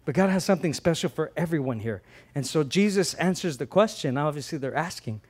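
A man preaching a sermon as a pastor, conversational and animated, often repeating words and swinging between loud emphasis and soft asides. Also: on the high side, brisk, breathy edge.

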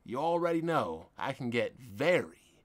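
A man hosting a podcast, delivering a confrontational, indignant monologue with emphatic swings in loudness. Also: mid-range voice, big pitch swings, a little slow. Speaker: podcast host. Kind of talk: ranting monologue.

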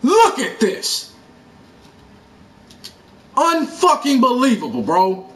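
A man hosting a gaming channel, ranting about a video game in an angry, sarcastic and profane way, shouting in bursts of outrage. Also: extremely high pitch, huge pitch swings, takes it slowly. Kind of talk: angry gameplay rant.

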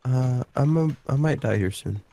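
A man in casual gaming voice chat, calm and polite, a little hesitant. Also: mid-range voice, normal speed, gravelly, no echo, studio quality.

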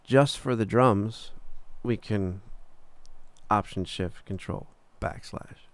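A man teaching a recording workflow in a screen-recorded tutorial, relaxed and casual, talking through each step with filler words and the odd "boom". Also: slow pace, no echo. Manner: relaxed, talks through steps as he clicks, frequent "uh" and "boom". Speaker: recording engineer teaching software.

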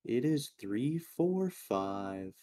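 A man imitating a male YouTuber with a monotone, droning way of talking. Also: mid-range voice, very slow, exaggerated voice. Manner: flat droning delivery.

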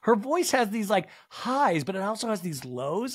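A male podcast host gives a comedic recap of a reality show, acting out the cast's lines as he goes. His voice sits fairly high and bounces animatedly up and down. The recording is dry and close. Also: normal speed, husky, no room sound. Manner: animated, acts out the scene's dialogue.

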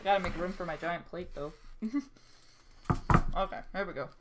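A woman streaming a game, chatting casually, swearing freely and breaking into sudden excited outbursts. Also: fairly low pitch, moderate pace, heavy background noise. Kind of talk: casual live-stream gameplay chat.

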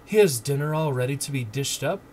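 A man voicing a worried, warm-hearted mother of a poor family in a read-aloud storybook. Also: mid-range voice, expressive, a little fast, slight background noise, lightly acted.

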